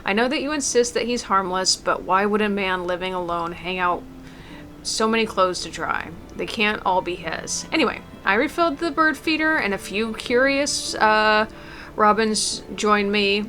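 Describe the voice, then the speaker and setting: Woman reading as an old mom writing her goodbye letter, soft and tender, bright voice. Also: medium pitch, expressive, moderate pace, soft background music. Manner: gentle, tender, reading aloud with small stumbles. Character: elderly mother writing a farewell letter. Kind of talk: reading a game letter aloud.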